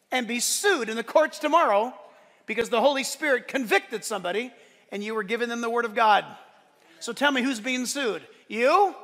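A man preaching a sermon to his church, animated and swinging from loud declarations to soft, joking asides. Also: very high voice, in a large hall. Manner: playful, joking asides to the congregation. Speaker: pastor. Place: church service.

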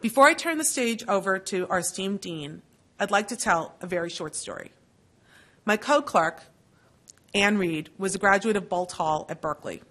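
A middle-aged woman, a law school dean, giving a measured, earnest introduction at a lecture with a lightly wry touch. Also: medium pitch, lively intonation, a bit bright. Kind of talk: formal lecture introduction with personal anecdotes. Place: lecture hall.

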